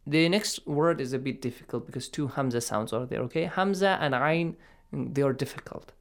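A man's voice: medium pitch, normal speed, vocal fry. Patient, encouraging recitation teacher, man. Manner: patient, encouraging, explains and models sounds. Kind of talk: radio lesson, coaching students.

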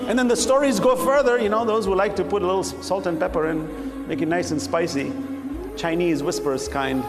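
Man, sermon, emphatic and rhetorical, occasional shouts, echoey hall, music playing behind. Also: sits high, fairly quick. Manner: emphatic, rhetorical, acts out dialogue, bursts into shouts. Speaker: preacher.

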